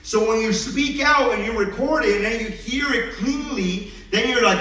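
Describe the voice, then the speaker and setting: A pastor preaching an earnest, emphatic sermon, with a slight mumble and loose enunciation. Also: male voice, extremely high pitch, moderate pace, hardly any pauses, sharp tone. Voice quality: mumbles, does not enunciate crisply. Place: church sanctuary. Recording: very echoey hall, distant mic.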